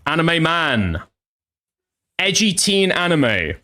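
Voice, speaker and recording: A man's voice: a little high, sing-song, unhurried, bright, forceful tone. A man livestreaming, swearing a lot and talking to his chat while troubleshooting. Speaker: streamer.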